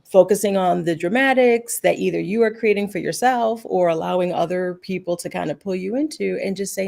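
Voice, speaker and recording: A woman's voice: fairly low pitch, normal speed, vocal fry, few pauses, darkish tone. A woman, a guest practitioner of the healing arts, giving earnest, reassuring spiritual advice over a remote call, with loose restarts.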